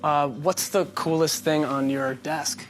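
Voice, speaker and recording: A woman interviewing from off camera, firing playful questions at a quick clip. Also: sits low, steady tone, faint music behind. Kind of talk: upbeat rapid-fire questioning.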